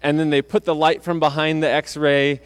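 Conversational preaching man, slightly high voice. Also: level tone, normal speed. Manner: conversational preaching with restarts, acting out quotes. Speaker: pastor. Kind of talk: sermon.

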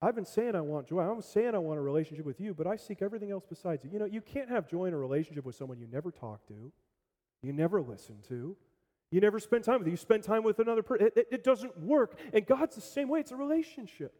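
High-voiced man preaching in a reverberant hall. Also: fast talker. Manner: animated storytelling, swings from loud to hushed. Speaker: pastor. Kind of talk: sermon. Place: church hall.

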